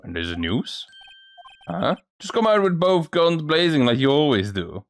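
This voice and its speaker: A man's voice: on the high side, very animated, normal speed, dry recording. A man reading a courtroom game aloud and doing every character's voice himself, sometimes stumbling over words. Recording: faint music behind.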